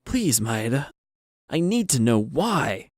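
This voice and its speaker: Man doing a determined young female cop, earnest, lively delivery. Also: mid-range voice, slow pace, no echo, clean studio sound. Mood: pleading. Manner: earnest, pleading. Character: determined young woman police officer.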